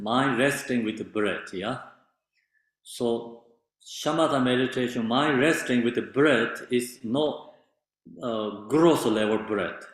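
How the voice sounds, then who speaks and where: A man teaching meditation in halting non-native English with many fillers, explaining patiently. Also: mid-range voice. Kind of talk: meditation instruction. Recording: very echoey room.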